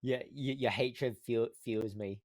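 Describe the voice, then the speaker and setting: A man's voice: medium pitch, fairly even intonation, a little slow, no room sound. A man who is a guest on a casual stream, joking, making puns and laughing along with the host. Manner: playful, punning, laughing. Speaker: VTuber guest.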